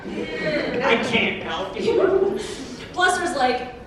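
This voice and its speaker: A woman's voice: high-pitched, sing-song, drawn-out words. Young woman, casual convention Q&A, chatty, fillers, distant mic, noisy echo. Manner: chatty, laughing, many fillers and restarts. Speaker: cosplayer taking audience questions. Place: convention panel room.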